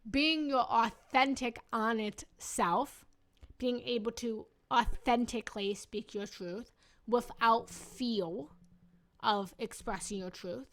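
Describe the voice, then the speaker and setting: A woman's voice: a little high, takes it slowly, a bit bright. A woman spiritual coach giving a casual, chatty chakra lesson, often breaking off mid-word and laughing at herself. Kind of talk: casual live teaching on chakras.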